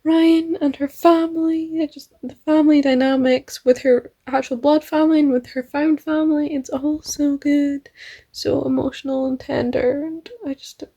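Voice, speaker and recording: Young woman, bright high voice, casual reading vlog, gushing and chatty, filler-heavy. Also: flat delivery, normal speed, dull audio. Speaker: book vlogger.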